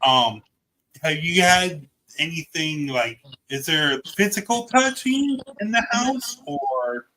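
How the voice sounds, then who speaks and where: A man's voice: fairly high pitch, animated, slow pace, background noise. Guy interviewing, curious and eager, casual.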